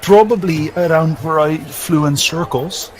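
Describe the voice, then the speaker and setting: A man's voice: fairly high pitch, a little slow, rough recording. A man playing a tabletop game, talking casually and often restarting his sentences. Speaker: player.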